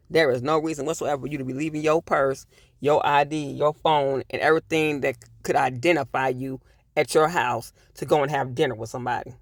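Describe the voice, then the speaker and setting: A man recapping and reviewing a TV episode, with animated, profane, indignant ranting. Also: on the high side, no echo. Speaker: TV show reviewer.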